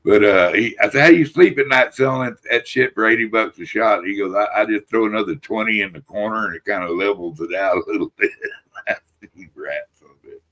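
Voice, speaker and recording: A man with a somewhat low voice tells rambling stories in a relaxed podcast chat. He swears freely and laughs his way through each tale, looping back with "and, uh" as he goes. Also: a little fast. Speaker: podcast host. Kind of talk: casual storytelling chat.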